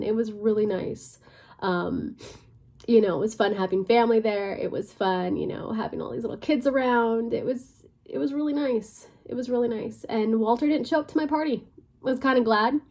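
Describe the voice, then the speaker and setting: A woman's voice: on the high side, darkish tone. A young woman vlogging, telling a personal story in a casual, conversational way, full of fillers, sometimes dropping to a near whisper. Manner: conversational, many fillers, drops to a near whisper at tense moments.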